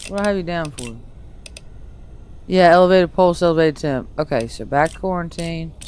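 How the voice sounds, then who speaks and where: A man's voice: fairly high pitch, moderate pace, darkish tone, clear, resonant tone. A man streaming a game, talking wryly to the characters and joking as he plays. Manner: wry, joking, talks to the characters. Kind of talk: casual gameplay commentary. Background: game music.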